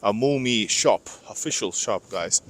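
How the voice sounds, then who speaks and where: A man's voice: fairly low pitch, expressive, measured pace, a bit bright. A man walking a city street in winter, talking casually and rambling to his viewers on a clip-on mic. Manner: rambling, chatty, addresses viewers as guys. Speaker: vlogger. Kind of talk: casual live street vlog. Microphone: clip-on microphone.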